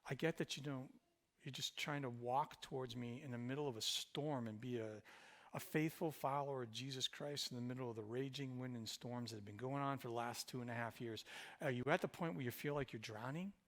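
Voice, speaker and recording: A male pastor preaching a sermon, swinging between loud emphatic passages and quiet, intimate ones. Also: medium pitch, a little fast. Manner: speaks in Jesus's voice to the listener.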